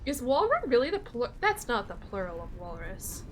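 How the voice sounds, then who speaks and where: Young woman streamer rambling to chat while playing, kinda high voice, swears a lot. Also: wildly swooping pitch, normal speed, slight background noise. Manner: chatty, swears freely, answers chat. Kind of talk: casual gameplay commentary.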